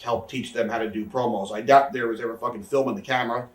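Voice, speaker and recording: A man in his thirties telling a backstage story in a casual interview, rambling, animated and swearing. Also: mid-range voice, fast, roomy sound, recorded from a distance, low-quality recording. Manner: rambling, animated, swears, acts out quoted voices. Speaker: interview guest, wrestler.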